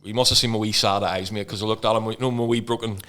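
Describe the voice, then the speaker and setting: A man's voice: lowish voice, fairly even intonation, a bit bright. A man with a Northern Irish accent, co-hosting a casual podcast chat, joking and swearing. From Northern Ireland. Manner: quick, joking banter, swears often. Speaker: podcast co-host.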